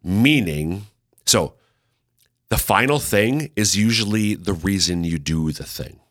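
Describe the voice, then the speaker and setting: Low, bright-toned male radio host. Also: lively intonation. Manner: thoughtful, many restarts, slows down to stress points. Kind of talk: conversational Bible teaching on a radio show.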